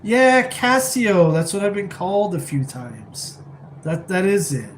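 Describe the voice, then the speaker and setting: A man's voice: on the high side, expressive, measured pace, a little mellow, slight background noise, poor audio. A man casually chatting on a live stream, rambling and laid-back while answering viewers from a rented apartment, keeping his voice down.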